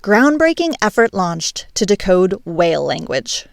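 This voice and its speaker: A woman's voice: fairly low pitch, big pitch swings, a little slow, creaky, no room sound, clean studio sound. A woman hosting a language podcast, delivering a scripted monologue in a playful, emphatic, teacherly way. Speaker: podcast host.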